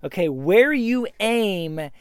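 Smooth-voiced man telling a story. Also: high voice, slow, dry recording, clean studio sound. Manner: matter-of-fact, emphatic, animated retelling. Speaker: bowhunting advice speaker. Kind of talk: casual storytelling talk.

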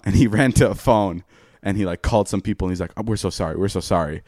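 A young podcast host with a lowish voice tells a story in casual chat, talking fast, swearing freely and acting out every voice in it. The recording is close and dry, with no room sound.

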